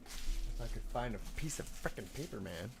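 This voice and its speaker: A man's voice: medium pitch, lively intonation, moderate pace, gravelly, background noise. A young man rambling casually while painting on a live stream, laid-back, swearing often and laughing a lot.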